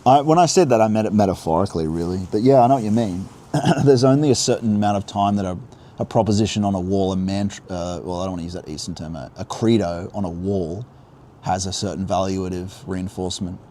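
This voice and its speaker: A man's voice: low-pitched, mellow, a little hiss or hum. A man giving an earnest, unscripted spiritual talk on a livestream outdoors by a river, musing and restarting his thoughts as he goes. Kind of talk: unscripted religious teaching on a livestream. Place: outdoors beside river rapids. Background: faint rushing water.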